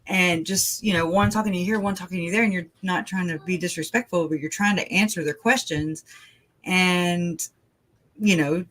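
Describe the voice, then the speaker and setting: A livestream host in casual talk, rambling and animated, with frequent laughs and many fillers, and getting loud when worked up. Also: mid-range voice, moderate pace, rough recording. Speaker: true crime livestream host.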